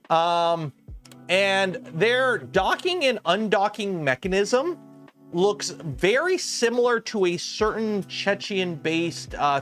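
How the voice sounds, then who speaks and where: Rambling livestream host, man, slight lisp, fairly high voice, faint music underneath. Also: fairly bright tone. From Canada. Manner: rambling, lots of "um" and restarts. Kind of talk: casual livestream chat.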